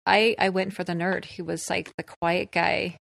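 A woman's voice: fairly low pitch, flat delivery, normal speed, vocal fry, fairly bright tone, dry recording. A woman hosting a podcast who reacts to her guest with gushing enthusiasm. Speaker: host. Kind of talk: casual chat.

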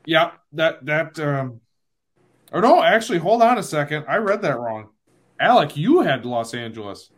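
Man podcast host, lively pitch, slightly high, laughs easily, casual banter. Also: moderate pace. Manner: animated, laughing, self-deprecating. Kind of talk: casual sports podcast chat.

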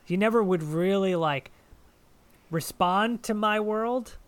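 A man with a fairly high voice co-hosts a casual podcast, rambling through stories and slipping into quoted voices. The sound is dry and close, with little room around it. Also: takes it slowly, clear, resonant tone, no room sound. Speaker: podcast co-host.

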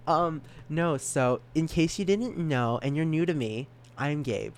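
A man's voice: medium pitch, animated, takes it slowly, few pauses, clear, resonant tone. A young man hosting a solo podcast, rambling and giggling at himself, with a stutter. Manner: rambling, giggly, self-mocking. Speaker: podcast host.

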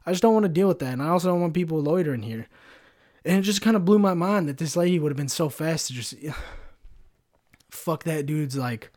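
A man hosting a casual solo podcast, telling a story in an animated way, with lots of swearing and fillers. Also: on the high side, brisk. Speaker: podcast host.

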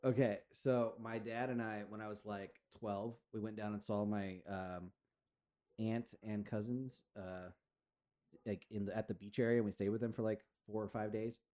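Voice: mid-range voice, fairly even intonation, moderate pace, dark tone. A podcast co-host in casual chat, telling a story with dry quips, swearing and acted-out quotes of relatives.

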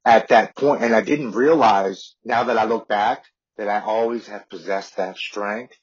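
A man's voice: lowish voice, fairly even intonation, measured pace, breathy edge. A man in his forties, a podcast guest, earnestly telling a personal recovery story and often repeating words. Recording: dull lo-fi audio.

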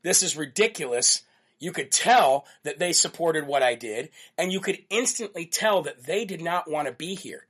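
A man hosting a political talk show, telling a story in an animated way with a lot of repetition for emphasis. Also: fairly high pitch, normal speed, few pauses, husky. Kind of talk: live-streamed monologue.

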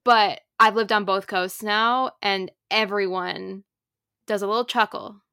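A woman's voice: mid-range voice, steady tone, a little slow, gravelly, pushed and bright, clear, resonant tone, dry recording, studio quality. A woman with a Minnesotan accent co-hosting a podcast, chatting casually with many filler words. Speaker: podcast co-host. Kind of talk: casual chat.

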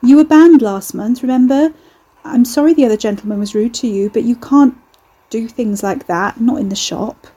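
A grey-haired older shop manager who lays down the rules firmly and politely, as a woman reading a storybook puts her on. The voice is mellow and husky. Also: a little high, normal speed. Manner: firm, scolding politely.

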